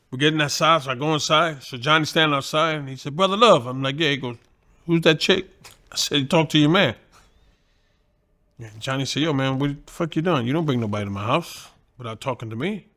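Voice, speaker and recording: A man's voice: a little high, fairly quick. A middle-aged man, a boxing trainer, telling stories in a loose, profane way and acting out the other people's voices. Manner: profane, animated, acts out quoted voices. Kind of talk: casual storytelling.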